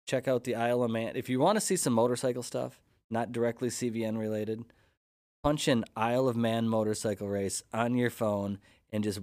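A man's voice: lowish voice, a little mellow, no room sound, studio quality. A man, an enthusiastic guest chatting casually on a podcast. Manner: enthusiastic, upbeat. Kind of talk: casual chat.

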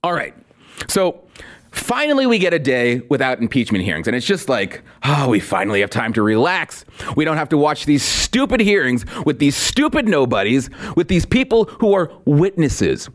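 Man, podcast host, political commentary, sarcastic, lively pitch. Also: normal speed. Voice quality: sarcastic, repetitive emphasis.

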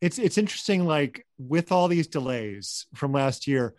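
A man's voice: a little high, animated, measured pace, a little mellow, no room sound, studio quality. A man co-hosting a film podcast, musing aloud with some hesitation. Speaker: podcast co-host. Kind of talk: casual film chat.

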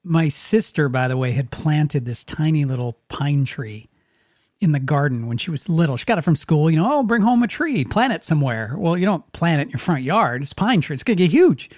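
A man's voice: on the high side, fairly quick, a little mellow, no echo, studio quality. Man from Spokane, rambling storyteller. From Spokane, USA. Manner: rambling, frequent restarts, acts out quotes. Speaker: podcast host. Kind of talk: casual storytelling chat.

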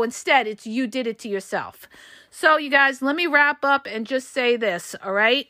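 A woman's voice: high voice, bright, forceful tone, dry recording, studio quality. A woman hosting a podcast and coaching listeners, talking in a casual, emphatic monologue that repeats points and speaks straight to the audience. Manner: emphatic, repetitive, addresses listeners directly.

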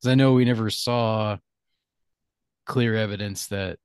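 A man with a lowish voice talks through his thoughts in a relaxed, rambling podcast chat, often chuckling as he goes. His voice is close and dry, with almost no room sound around it. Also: a little slow, smooth, no room sound. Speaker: podcast host. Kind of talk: casual chat.

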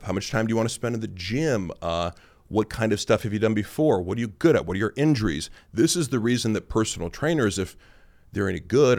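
A young man talking casually and at length about workouts and fitness, rambling with many fillers. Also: lowish voice. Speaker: fitness podcast host answering listener questions. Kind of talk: casual monologue.

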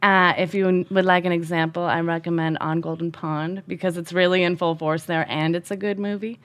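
Woman in her 30s telling a story about herself, animated and self-mocking, chatty. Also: fairly low pitch, a little fast. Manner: animated, self-deprecating, conversational. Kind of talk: personal storytelling.

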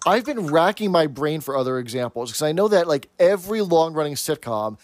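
A man's voice: on the high side, very animated, brisk, slight background noise. A man co-hosting a podcast in casual chat, explaining things and telling jokes. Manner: chatty, explains and tells jokes. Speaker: podcast co-host.

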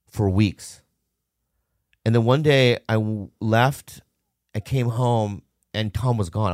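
A man's voice: sits low, a little mellow, dry recording, studio quality. A man from Minnesota in casual conversation, candidly telling a rambling personal story with lots of fillers.

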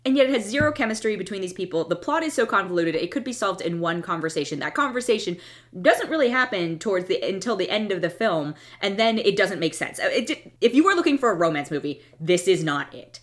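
A woman's voice: medium pitch, expressive, quick pace. A woman giving a casual, blunt, opinionated film review, often restarting and trailing off mid-thought. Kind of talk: casual movie review monologue.

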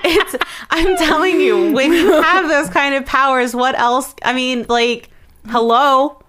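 A woman's voice: high-pitched, steady tone, slow, a bit bright. A young woman chatting casually, reacting with giggly, playful remarks. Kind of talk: casual chat.

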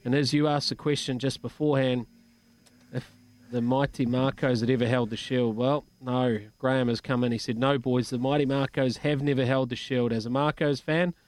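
A man's voice: mid-range voice, flat delivery, moderate pace, darkish tone. A man with a New Zealand accent hosting breakfast sports radio, upbeat and reading out listener messages. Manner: upbeat, reads listener texts. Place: radio studio.

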